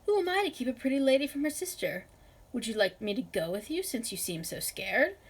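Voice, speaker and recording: A woman's voice: a little high, sing-song, fairly quick, breathy edge, exaggerated voice. A woman voicing a dashing, courtly young man who speaks breezily, with a laugh. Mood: amused.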